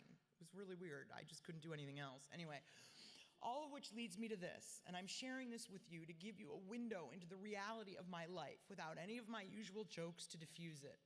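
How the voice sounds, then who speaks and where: A woman in her forties giving a speech at a gala in a large hotel ballroom, blunt and self-mocking. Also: on the low side. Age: 40s. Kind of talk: reading a personal diary-style speech. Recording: reverberant ballroom, long echo.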